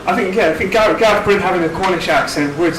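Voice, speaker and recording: A man's voice: high voice, fast. A man from South West England speaking on a panel, hesitant and thoughtful with restarts. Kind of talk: casual panel chat. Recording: roomy hall from far off with noise.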